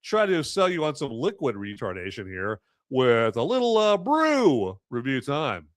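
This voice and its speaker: A man's voice: mid-range voice, huge pitch swings, unhurried. A man hosting a live podcast, chatting casually in a rambling, self-mocking way with jokey asides. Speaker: podcast host reviewing movies and beer. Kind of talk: casual live-stream chat.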